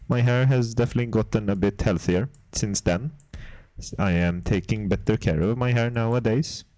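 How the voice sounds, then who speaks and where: A man streaming casual chat while making game art, reading viewer messages and putting on a deliberately terrible Swedish accent. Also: lowish voice, mellow, no room sound. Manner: chatty, reads out and answers viewer messages.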